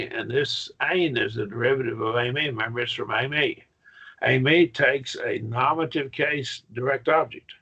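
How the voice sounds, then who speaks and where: A man with a gravelly, husky voice teaches a Greek Bible class, walking the students through each point with eager enthusiasm. The recording is muffled and lo-fi. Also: mid-range voice, a bit bright. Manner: enthusiastic, explaining step by step.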